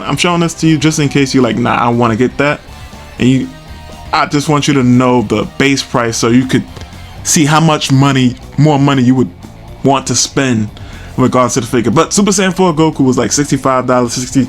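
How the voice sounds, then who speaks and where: A man hosting a casual collecting video, chatty and self-amused, chuckling often as he talks through prices. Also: medium pitch. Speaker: toy collector video host. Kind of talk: casual product walkthrough.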